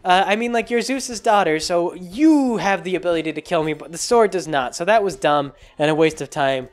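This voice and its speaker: A man's voice: high-pitched, normal speed, pitched below the performer's own voice, lightly acted. A man mimicking a meek, shrugging villain. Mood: offhand. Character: meek unimpressive male villain god, offhand. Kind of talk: mocking movie recap impression.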